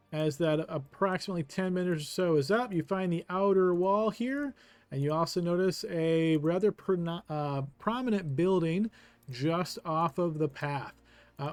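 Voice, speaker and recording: A man's voice: sits high, darkish tone, no room sound. A man narrating a tabletop game as game master, easygoing and full of filler words.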